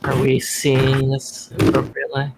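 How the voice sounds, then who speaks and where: A man narrating as game master over a video call, relaxed and full of fillers. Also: mid-range voice, measured pace, vocal fry, heavy background noise. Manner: relaxed, many fillers and restarts.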